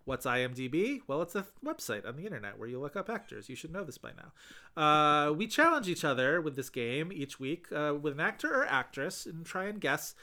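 Guy cohosting a movie podcast, bright voice, gets really animated. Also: on the high side, a little fast. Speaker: podcast co-host. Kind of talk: casual film podcast chat.

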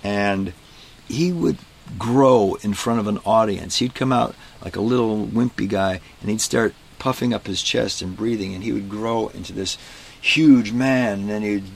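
A man being interviewed about his life as a street performer, telling stories in a relaxed, casual way and acting out the people in them. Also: lowish voice, measured pace, creaky, slightly rough. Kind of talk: casual storytelling. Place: inside a parked vintage bus.

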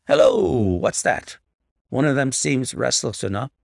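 A man reading an audiobook, voicing a sharp, brisk male detective who asks crisp, commanding questions. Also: medium pitch, huge pitch swings, voice pushed up, full character voice. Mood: curious.

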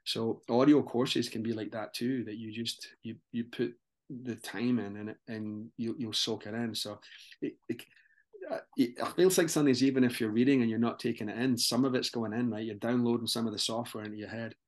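A Scottish man, a fitness coach, talking in a casual podcast conversation with an animated, motivational manner and frequent restarts. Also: medium pitch, brisk. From Scotland.

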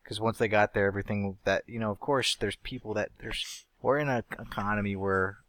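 Laid-back man, low voice, teasing, dry close recording. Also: steady tone, a little fast, fairly bright tone, no echo. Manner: easygoing, teasing, laughs often. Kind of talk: casual chat.

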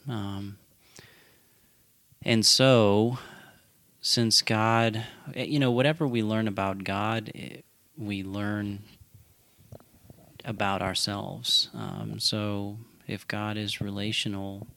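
A man co-hosting a casual faith podcast, explaining ideas in a measured, reflective way. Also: fairly low pitch, little pitch movement, gravelly, fairly bright tone, no room sound. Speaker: podcast co-host.

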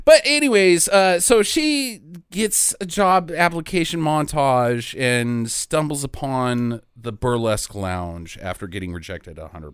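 A man's voice: mid-range voice, clear, resonant tone, no echo, clean studio sound. A man hosting a casual podcast, recapping a movie and ranting with heavy swearing. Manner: profane, ranting, opinionated. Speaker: podcast host.

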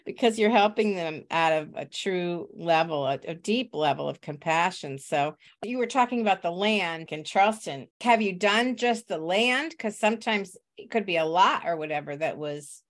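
Lower-voiced woman hosting a podcast. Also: moderate pace, hardly any pauses. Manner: responsive, expressive, laughs easily. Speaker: podcast host. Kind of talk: interview conversation.

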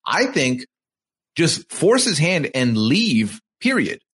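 A man with a slightly high voice and a very lively, swooping delivery. He recaps events on a video call, then pushes his own opinion with emphatic outrage. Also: slow pace, breathy edge. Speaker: podcast co-host. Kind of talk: casual reality-show recap chat.

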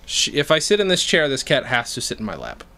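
A man's voice: mid-range voice, quick pace. A man co-hosting a podcast over a video call, chatting playfully and riffing on jokes. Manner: playful, riffs on jokes, lively asides. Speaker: podcast co-host. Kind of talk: casual chat.

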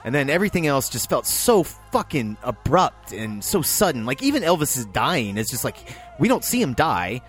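A man co-hosting a film podcast, giving a blunt, heavily profane review in casual chat, his voice jumping high when he gets worked up. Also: big pitch swings, normal speed, soft background music.

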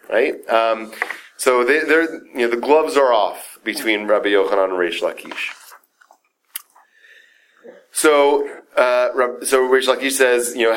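A man's voice: mid-range voice, a little slow, slight background noise. A man teaching a Talmud story in an informal class, talking casually with many fillers and "right?" checks, and acting out the quoted speakers. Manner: lively, acts out the quoted speakers.

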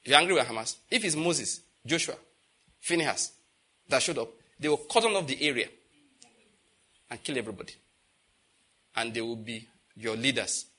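A man preaching a sermon emphatically, asking the congregation questions and swinging from loud declarations to quiet intensity. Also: medium pitch, animated, normal speed, pauses often, breathy edge. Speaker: pastor.

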